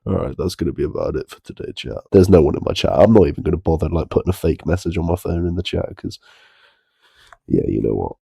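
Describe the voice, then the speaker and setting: Gravelly low-voiced lad, rambling. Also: male voice, fairly even intonation, fast talker, few pauses, warm tone, no room sound, clean studio sound. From Worcester, English Midlands. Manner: rambling, swears a lot, laughs through anecdotes. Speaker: reaction streamer. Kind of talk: casual reaction commentary. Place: in bed at home. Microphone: headset.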